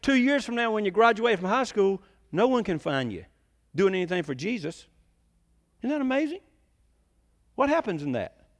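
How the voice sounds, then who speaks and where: High-voiced preacher in a hall. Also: male voice, moderate pace, pauses often. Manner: animated, voices quoted people with big pitch jumps. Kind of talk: sermon. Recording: long reverb of a large hall.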